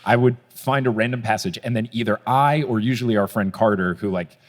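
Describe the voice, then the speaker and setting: A man's voice: on the low side, brisk. A young man hosting a live podcast show on stage, telling stories in a chatty, joking way. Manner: chatty, storytelling. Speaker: podcast host. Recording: long hall reverb from a live venue.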